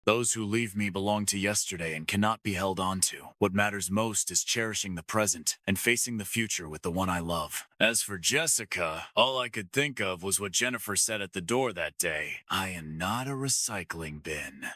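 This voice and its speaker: A man narrating a romance story in the first person with steady storytelling. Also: lowish voice, normal speed, hardly any pauses, no echo, clean studio sound.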